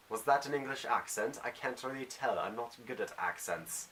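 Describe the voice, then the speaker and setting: A man's voice: mid-range voice, lively intonation, normal speed, hardly any pauses, bright, forceful tone, a little hiss or hum. A teenage boy talking casually in a rambling, self-deprecating vlog monologue with jokey asides. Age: teens. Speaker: vlogger.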